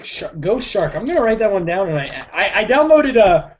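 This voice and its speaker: An excitable man co-hosting a podcast, with a high voice that leaps all over its range. He exclaims readily in casual chat. The recording sounds dull and lo-fi. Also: normal speed. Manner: excitable, exclaiming, laughs often. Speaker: podcast co-host.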